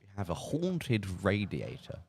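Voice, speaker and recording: A man's voice: on the low side, huge pitch swings, creaky, breathy edge. A young man with an English Midlands accent, hosting a casual chat on student radio from a studio mic, chatty and jokey. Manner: chatty and jokey, quick to laugh at himself.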